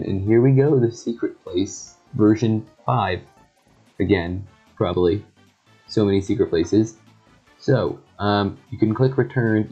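A young man giving casual, joking gameplay commentary with quick excited reactions and sarcastic asides. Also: on the low side, highs cut off. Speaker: gaming YouTuber. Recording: faint background music.

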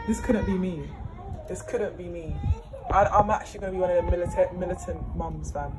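A woman's voice: on the low side, brisk. A young woman, ranting casually to her phone in an incredulous, slangy way. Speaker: vlogger. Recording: noisy phone recording.

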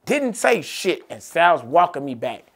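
A man telling a comedic story on a podcast, animated and profane, swinging between loud and quiet. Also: on the high side, unhurried. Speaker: podcast co-host.

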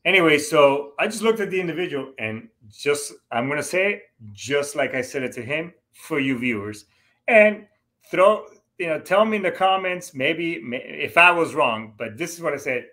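Middle-aged man, bright tone, casual rambling storytelling, lots of fillers and restarts, veteran hosting his own show. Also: a little high, lively intonation, moderate pace. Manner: rambling, heavy with "you know" fillers and restarts. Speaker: show host, Marine veteran.

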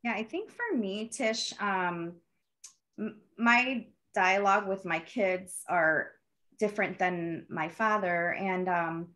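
A middle-aged woman, a panel guest, earnestly recounting her family history with animated retelling. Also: mid-range voice, takes it slowly. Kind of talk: personal storytelling.

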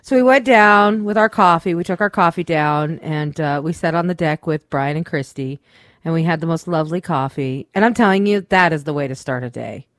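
A woman's voice: deep voice, fairly quick, fairly bright tone, dry recording. Chatty woman radio host, dry mic. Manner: chatty storyteller, swears freely, acts out quotes. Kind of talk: casual chat.

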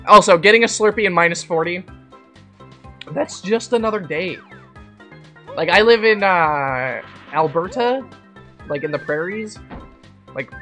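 A woman's voice: deep voice, a bit bright. A woman chatting casually while streaming a game, rambling and joking with plenty of swearing. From Canada. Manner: rambling, jokey, swears freely. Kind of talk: casual gaming stream chat.

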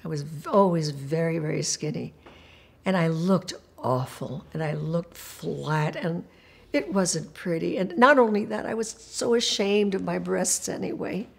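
An older woman recalls her past in an animated, expressive way. She acts out the voices of the people in her stories, often breaking into laughter as she talks. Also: on the low side, measured pace, creaky, husky. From Puerto Rico. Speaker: interviewee. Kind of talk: documentary interview storytelling.

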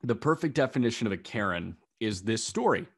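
A man co-hosting a podcast, telling an anecdote in a casual, animated and exasperated way. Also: fairly low pitch, fairly quick, slightly rough. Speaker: podcast co-host. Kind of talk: casual chat.

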